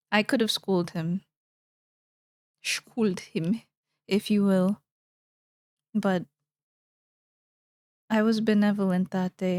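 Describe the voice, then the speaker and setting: A woman's voice: fairly low pitch, darkish tone, clear, resonant tone, dry recording, clean studio sound. A young woman streamer chatting casually while she draws, rambling playfully and thinking aloud.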